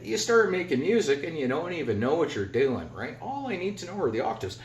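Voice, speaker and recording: A man's voice: on the high side, big pitch swings, brisk. A man giving a casual guitar lesson at home, talking bluntly and rambling, humming notes as he plays. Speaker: guitar teacher. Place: home garage. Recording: roomy, dull lo-fi with loud guitar. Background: electric guitar playing.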